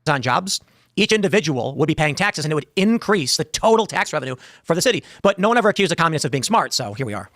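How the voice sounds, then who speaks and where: A man's voice: fairly high pitch, sing-song, fast talker, fairly bright tone, no room sound, clean studio sound. A man talking as a political pundit on a talk show, confident and declarative.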